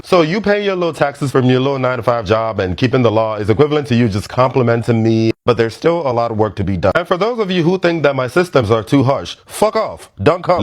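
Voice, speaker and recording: A man with a Nigerian accent, giving a blunt and emphatic commentary monologue full of swearing. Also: lowish voice. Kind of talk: impassioned social commentary monologue. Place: United States.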